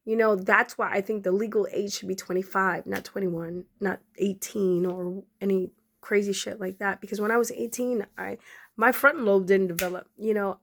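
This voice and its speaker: A woman's voice: medium pitch, fairly bright tone. A woman in her forties hosting a podcast, talking emotionally to her followers and fighting back tears as she speaks. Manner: conversational, addresses listeners directly. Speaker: podcast host. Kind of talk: emotional personal talk to followers.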